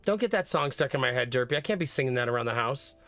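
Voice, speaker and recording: A man's voice: medium pitch, expressive, fast talker, fairly bright tone, dry recording, faint music behind. A man streaming a visual novel, chatting casually with his viewers and joking often. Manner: joking, chatty, frequent laughter. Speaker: streamer, father. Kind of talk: casual gameplay commentary.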